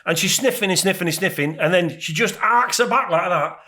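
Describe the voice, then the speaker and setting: A man's voice: high-pitched, fairly quick, pushed and bright. A middle-aged man co-hosting a podcast in casual chat, telling stories with lots of animation and acting out the voices of other people and animals. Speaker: podcast co-host.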